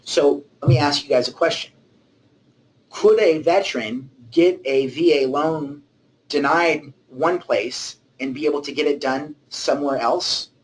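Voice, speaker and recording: A man's voice: medium pitch, slight background noise, low-quality recording. A man presenting in a webinar as a mortgage originator, explaining rules step by step and often checking in with "okay?".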